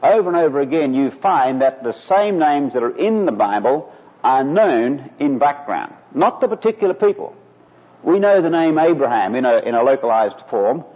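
A man's voice: medium pitch, animated, normal speed, slightly rough. A man preaching a sermon in an earnest way, rising to emphatic peaks. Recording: lo-fi recording in a reverberant hall.

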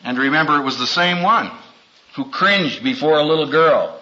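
Male preacher, high and bright, slow and dramatic, on a dull lo-fi recording. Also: expressive. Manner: dramatic, acts out quotes with big pitch swings. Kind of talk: sermon.

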